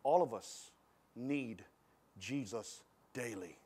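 A middle-aged man preaching a sermon in a church service, telling a personal story in a conversational, animated way and swinging between quiet and loud. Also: mid-range voice, slow, slightly rough. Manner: animated, conversational, acts out scenes with shifting loudness. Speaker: pastor.

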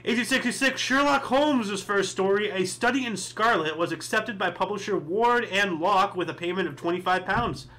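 High bright-voiced man rambling through history. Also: normal speed, hardly any pauses. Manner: rambling, thinks aloud with many fillers and asides. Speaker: history show host. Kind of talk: casual solo commentary reading history events.

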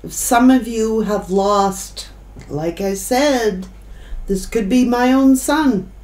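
A woman gives a slow, unhurried tarot reading in a fairly high voice. She sounds emotional and choked up, and stops now and then to collect herself. The room around her is echoey. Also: darkish tone. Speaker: tarot reader.

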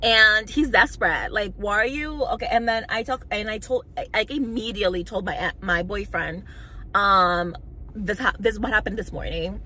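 A woman's voice: medium pitch, moderate pace, sharp tone, a little hiss or hum, low-quality recording. A young woman vlogger telling a storytime rant to camera, heated, mocking and full of swearing.

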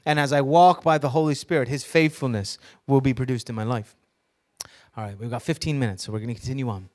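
A man's voice: medium pitch, fast, a little mellow. A man preaching a sermon to a congregation, reading scripture with emphasis and teaching by asking the audience questions, with joking asides. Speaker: pastor.

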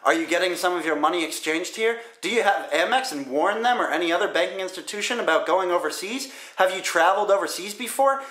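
Bright-voiced joking young man, echoey room. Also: high voice, animated. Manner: joking, crude, quick comebacks. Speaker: vlogger answering viewer questions. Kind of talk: casual comedic Q&A.

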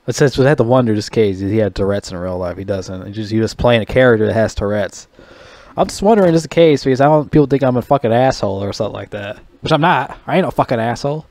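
A man's voice: medium pitch, darkish tone, dry recording. A man giving a casual, rambling movie review, swearing a lot and laughing at his own jokes. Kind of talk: casual rant.

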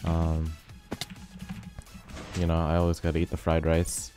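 A young man giving relaxed, rambling commentary over a game, his voice a bit rough from being sick. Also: rumbling low, a little slow. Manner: rambling, filler-heavy, laid-back. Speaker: gaming video host. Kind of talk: casual commentary over gameplay. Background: faint background music.

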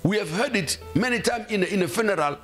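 A man's voice: sits high, expressive, quick pace, fairly bright tone, faint music behind. A man preaching a sermon as pastor, emphatic and exhorting, often calling out hallelujah. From South Africa.

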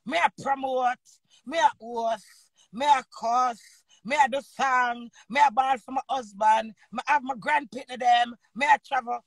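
Jamaican lady in her 50s going off live, cussing and combative, gravelly voice, dry close sound. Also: high voice, no room sound. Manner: loud, combative, swearing freely. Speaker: entertainer and host. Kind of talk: unscripted live rant.

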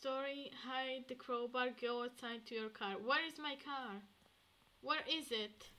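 A woman streaming a game, chatting to herself and swinging between hushed murmurs and excited outbursts. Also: high-pitched, measured pace. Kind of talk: casual gameplay commentary.

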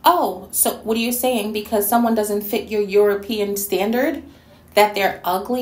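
Sharp-tongued woman in an echoey room. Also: fairly high pitch, normal speed. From New York City. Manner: sassy, cutting, scolding. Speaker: YouTube commentator. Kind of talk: response video rant.

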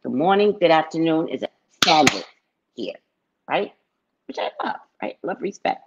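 A middle-aged woman from California, telling stories in an animated, chatty live-stream chat. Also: low voice, normal speed, very noisy. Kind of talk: casual storytelling chat. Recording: dull lo-fi recording.

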